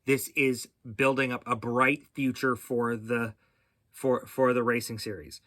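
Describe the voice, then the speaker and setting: A middle-aged man hosts a casual racing chat, rambling and restarting his sentences as he goes. His voice is bright and forward, and it sits close and dry with no room sound around it. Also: medium pitch, flat delivery, measured pace, no echo. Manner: rambling, with frequent fillers and restarts. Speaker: podcast host.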